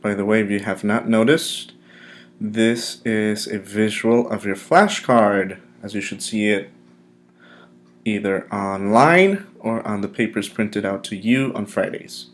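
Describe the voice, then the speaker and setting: A man teaching a recorded English vocabulary lesson, drilling pronunciation with clear, emphatic repetition. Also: lowish voice, unhurried.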